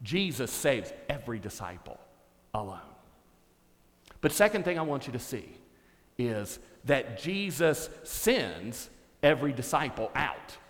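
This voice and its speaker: A man preaching a sermon from a church stage, telling stories dramatically and shifting from quiet to loud. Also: mid-range voice, sing-song, unhurried. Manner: dramatic storytelling, swinging from hushed to shouted. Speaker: pastor. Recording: long hall reverb.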